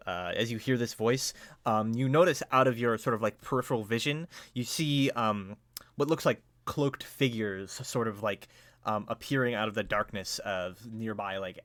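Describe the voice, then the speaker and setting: A man's voice: on the low side, fairly bright tone, dry recording. A man narrating a tabletop game as game master, hesitant and full of fillers.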